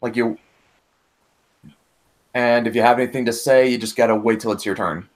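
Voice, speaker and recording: A relaxed man running a tabletop game as its game master. He talks loosely and casually and laughs easily between his instructions. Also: mid-range voice, normal speed. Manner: laid-back, laughs often, says "all right" a lot.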